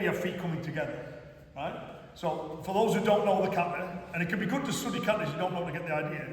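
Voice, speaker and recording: Heard from a distance in an echoey hall, a Cumbrian-accented man leads a karate class as the instructor, chatting and frequently checking on his students. His voice is high, with slight background noise.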